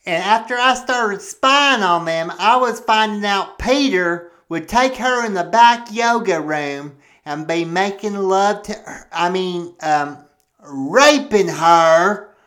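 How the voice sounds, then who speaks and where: A man's voice: high voice, slow, a bit bright. A man playing a jealous, paranoid husband who rants and curses with indignation. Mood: aggrieved. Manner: cursing, ranting, indignant. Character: jealous, profane, paranoid middle-aged husband. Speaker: podcast pastor host. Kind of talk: comedic monologue performed in character.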